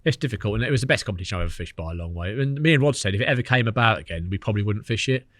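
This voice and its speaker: Fast-talking Englishman telling stories. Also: on the low side, no echo, clean studio sound. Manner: fast, animated storytelling with quoted dialogue. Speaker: podcast guest, angler. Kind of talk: casual chat.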